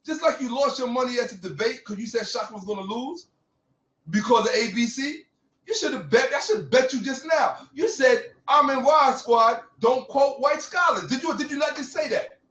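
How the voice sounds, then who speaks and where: A man with a high, lively voice argues hotly, cutting in again and again and hammering the same words. The room rings with echo, and he sits some way back from the mic. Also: fairly quick, recorded from a distance, highs cut off. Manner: angry, interrupting, repeats himself insistently. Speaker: debater. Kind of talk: heated argument.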